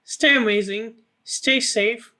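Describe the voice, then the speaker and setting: Bright-voiced podcast co-host, brief and offhand. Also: male voice, very high-pitched, slow. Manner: short, offhand replies. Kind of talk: casual chat.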